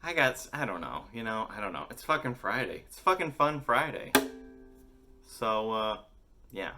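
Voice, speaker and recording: A man's voice: lowish voice, big pitch swings, moderate pace, bright, forceful tone. A young man hosting a daily music vlog, chatting casually with constant swearing and jokey rants, his voice a bit worn from singing. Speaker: host of a daily music video series. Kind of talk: casual, profane vlog chat.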